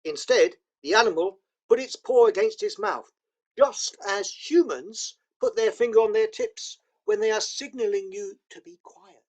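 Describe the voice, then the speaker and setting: A man narrating a children's novel aloud with expressive storytelling. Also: high-pitched, measured pace, highs cut off. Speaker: audiobook narrator.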